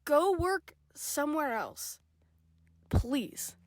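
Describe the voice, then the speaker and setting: A woman's voice: high voice, sing-song, very slow. A young woman co-hosting a podcast, chatting casually and giggling, with casual swearing, recorded in a parked car. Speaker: podcast co-host. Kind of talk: casual chat.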